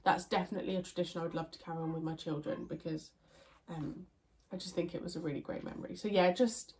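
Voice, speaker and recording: A woman's voice: lowish voice, steady tone, fast talker, a little mellow, slight background noise. A young woman with a stuffy, nasal voice, chatting casually and answering viewer questions in a rambling way, with many fillers and restarts. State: congested, nasal. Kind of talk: casual Q&A chat.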